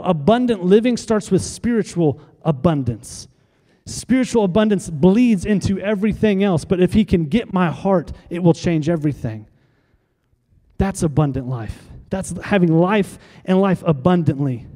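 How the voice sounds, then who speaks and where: A man's voice: sits high, warm tone, long reverb tail. A male pastor preaching a sermon, driving his points home with emphatic repeated phrases and leading the congregation in call-and-response. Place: church sanctuary.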